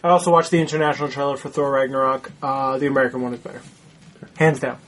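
A man's voice: medium pitch, level tone, fast. A man co-hosting a casual movie discussion, blunt and swearing freely. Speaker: podcast co-host.

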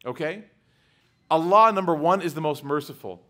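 A man giving a religious lecture to a live audience. He tells animated personal anecdotes in a casual style, full of "like" and "right?", and often quizzes his listeners. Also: on the high side, moderate pace. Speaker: religious speaker.

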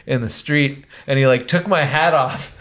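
A man's voice: mid-range voice, normal speed, fairly bright tone. A man hosting a casual comedy podcast, telling stories in a loose, rambling way with lots of fillers. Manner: rambling storyteller, frequent fillers. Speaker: podcast host.

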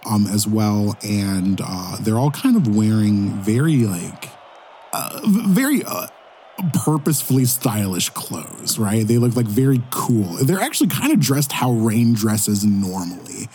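A man's voice: on the low side, big pitch swings, measured pace, dark tone, a little hiss or hum. A man running a tabletop game as game master, describing scenes in a rambling way full of fillers.

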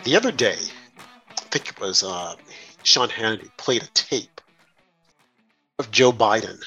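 A man's voice: on the low side, animated, unhurried, sharp tone, highs cut off, faint music behind. A man hosting a talk radio show, delivering an indignant, rhetorical monologue with emphatic questions.

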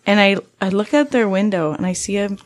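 A woman in her thirties hosting a podcast, telling a spooky story in casual chat, animated and swearing freely. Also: mid-range voice, a little fast. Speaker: podcast host.

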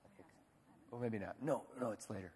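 A man's voice: on the low side, lively intonation, fairly quick, darkish tone, breathy edge, long reverb tail. A man moderating a church panel with brief, informal prompts.

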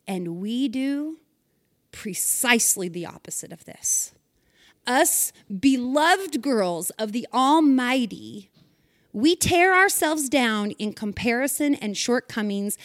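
A woman's voice: on the high side, dry recording, clean studio sound. A woman giving a folksy, chatty, sermon-style devotional talk to women, with teasing, emphatic asides.

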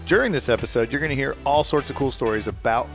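A man's voice: medium pitch, soft background music. A man co-hosting a podcast in casual chat, jokey and upbeat. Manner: quick, jokey banter. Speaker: podcast co-host.

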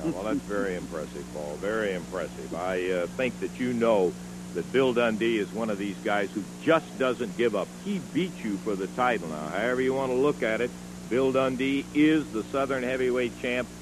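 A man, a wrestling TV announcer, speaking in a measured, polite way in archival commentary. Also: mid-range voice, noisy background. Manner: measured, even, polite interviewer.

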